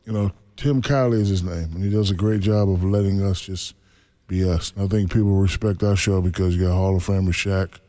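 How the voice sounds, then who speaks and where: A man in his forties, a former basketball center, telling stories in a relaxed interview and laughing often. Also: low voice, brisk. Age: 40s. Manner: laid-back, laughs often, acts out quotes. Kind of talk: casual storytelling interview.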